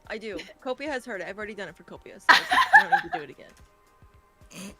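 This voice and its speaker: Chatty woman cohost, bright voice, says like a lot, teasing. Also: fairly high pitch, wildly swooping pitch, a little fast, faint music behind. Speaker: morning show co-host. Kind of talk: casual chat.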